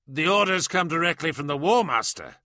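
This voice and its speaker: A man voicing a grim, loyal male warrior lieutenant who speaks in a measured, quietly menacing way. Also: fairly high pitch, expressive, dry recording, clean studio sound, voice pushed up. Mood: reporting.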